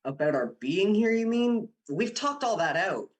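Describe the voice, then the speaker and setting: A man's voice: high-pitched, big pitch swings, moderate pace. A young man playing a persuasive male university student who coaxes and teases his girlfriend in a radio drama. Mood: coaxing. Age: young adult. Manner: coaxing, teasing, insistent. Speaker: boyfriend Dick. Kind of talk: amateur radio drama acting.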